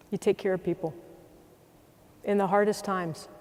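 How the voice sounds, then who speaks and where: A middle-aged man leads a closing address from a stage. His fairly high voice carries a long hall reverb as he tells an animated story. He builds to firm, repeated rallying phrases. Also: moderate pace, pauses often. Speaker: military commander giving a closing address. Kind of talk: speech with storytelling.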